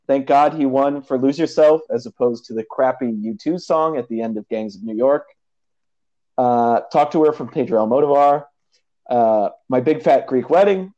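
Young man, casual podcast chat, mellow dark voice, rambling, laughs a lot, dull lo-fi audio. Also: mid-range voice. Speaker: podcast co-host.

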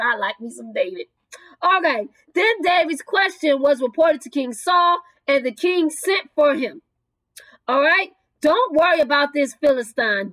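Lively and exclamatory, a woman teaching a Bible story tosses out rhetorical questions and drops casual asides along the way. Her voice is high with a fairly bright tone, captured in a dry, low-quality recording.

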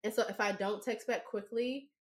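A young woman co-hosting a podcast, telling a story in a blunt, profane, animated way. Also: medium pitch, moderate pace. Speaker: podcast co-host. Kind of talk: casual podcast chat.

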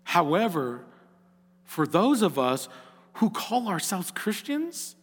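A man's voice: sits high, very animated, takes it slowly, breathy edge. Earnest male pastor preaching in a reverberant hall. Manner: earnest, rising to emphatic exhortation. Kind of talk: sermon.

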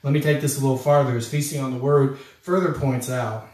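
A man's voice: medium pitch, steady tone, brisk, darkish tone. A man preaching a sermon as a pastor, talking in an earnest, conversational way and addressing listeners as friends. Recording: echoey room, voice from a distance.

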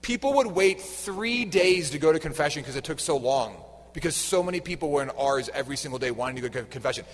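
Lively preacher in an echoey church. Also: male voice, on the high side, quick pace. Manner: conversational, quizzes the congregation. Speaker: homilist. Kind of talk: sermon.

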